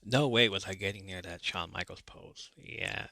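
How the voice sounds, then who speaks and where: A man's voice: low-pitched, moderate pace, vocal fry, sharp tone, dry recording. A man hosting a podcast, talking in a chatty, nostalgic way. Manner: nostalgic, chatty, laughs easily. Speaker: podcast host. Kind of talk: casual podcast monologue.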